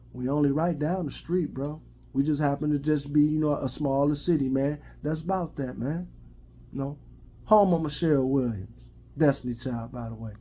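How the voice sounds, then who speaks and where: A man's voice: mid-range voice, mellow. A middle-aged man with a Chicago accent, ranting bluntly to camera in heavy street slang and profanity. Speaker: vlogger giving his opinion. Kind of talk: casual rant to camera.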